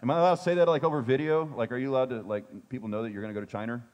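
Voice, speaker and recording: A man's voice: medium pitch, very fast, darkish tone. A male pastor preaching a sermon in a conversational way, with joking asides to his congregation.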